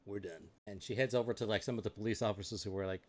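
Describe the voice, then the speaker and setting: A man's voice: lowish voice, fairly even intonation, very fast. A man narrating as game master in a casual, laid-back way, with fillers and chuckles. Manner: casual, lots of fillers and laughter. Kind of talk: improvised tabletop game narration.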